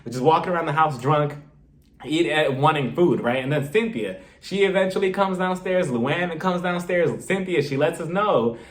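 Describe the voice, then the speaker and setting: A man's voice: on the high side, expressive, normal speed. A man giving a casual, gossipy recap of a reality show, chatting with lots of filler words. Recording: echoey room.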